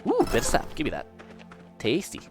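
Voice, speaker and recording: A man chatting casually as he plays a game on stream, playful and loose-tongued with plenty of swearing. His voice sits at an ordinary middle pitch but leaps around expressively. Soft music plays faintly behind him. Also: huge pitch swings, brisk. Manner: playful, swears freely, muses aloud while playing. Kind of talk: casual gameplay commentary.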